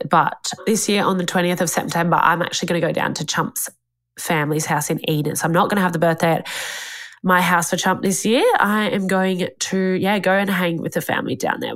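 Tearful young woman. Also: lowish voice. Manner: rambling, swears often, quotes herself. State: tearful, crying. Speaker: podcast host. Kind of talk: casual emotional chat. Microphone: studio microphone.

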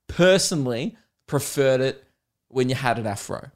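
A young man hosting a comedy podcast, telling animated stories with swearing and frequent laughter. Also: mid-range voice, moderate pace. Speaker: podcast host.

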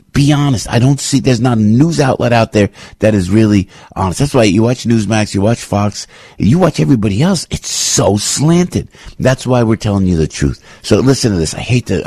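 Husky, animated talk radio host. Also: male voice, on the low side, dry recording. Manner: animated, breaks into loud outbursts and mocking voices. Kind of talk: opinionated talk radio rant.

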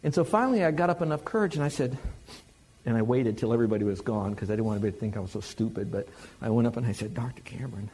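A man preaching a sermon in a conversational, animated way, joking with the congregation. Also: medium pitch, racing.

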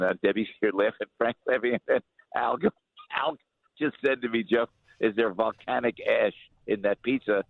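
A man hosting a radio show, chatting casually with many filler pauses while phoning in from abroad. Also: low-pitched, vocal fry, no room sound. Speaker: radio host. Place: on tour abroad, phoned in. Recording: dry tinny phone line.

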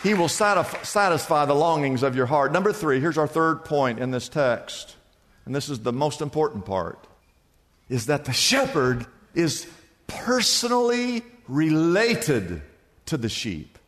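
A man's voice: on the high side, very animated, a little slow, a bit bright, a faint crowd. A male pastor preaching a sermon in a church, emphatic, repeating phrases and asking the listeners direct questions. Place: church sanctuary. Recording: long reverb of a large hall.

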